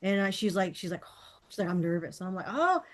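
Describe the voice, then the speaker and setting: A woman's voice: medium pitch, sing-song, fast talker. A woman hosting a casual chat, telling rambling anecdotes with many restarts. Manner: chatty storyteller, rambling restarts.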